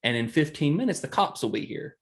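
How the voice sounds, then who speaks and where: A man's voice: a little high, very animated, fairly quick. A man, co-hosting a casual chat and rambling through a story, laughing often. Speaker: podcast co-host.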